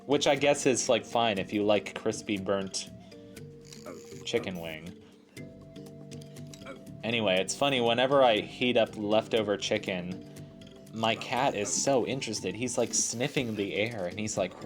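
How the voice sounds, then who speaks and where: A man's voice: on the low side, measured pace, long pauses, over music. A man casually commenting on a puzzle game as he plays, rambling through chatty asides full of filler words. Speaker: let's play host.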